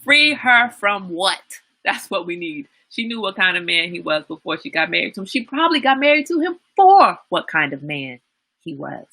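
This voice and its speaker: A woman hosts a live-streamed chat show in an animated, conversational way, reading out viewer comments and laughing between them. Her voice is bright and forward, with a somewhat low pitch for a woman. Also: brisk, creaky, husky. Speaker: livestream talk show host.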